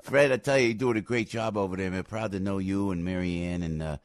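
A man's voice: deep voice, fairly even intonation, fairly quick, no echo, studio quality. A man hosting a radio show, chatting casually and laughing often. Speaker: radio host. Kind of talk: casual chat.

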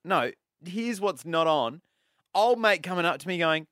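A young man with an Australian accent, hosting studio radio and telling stories with indignant, animated banter. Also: on the high side, moderate pace, dry recording. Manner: animated, indignant storytelling with mocking voices. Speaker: radio host. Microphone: studio microphone.

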